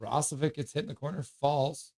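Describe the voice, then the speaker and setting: A man calling live hockey play-by-play from his stream in a casual way, with quick calls and offhand jokes. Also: on the high side, darkish tone.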